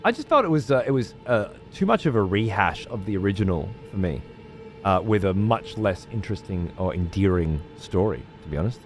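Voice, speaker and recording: Reading chat on a live stream, this laid-back man swears freely and throws around slang such as "mate" and "cunt." His voice is deep and very animated, a little fast. Faint music sounds in the background.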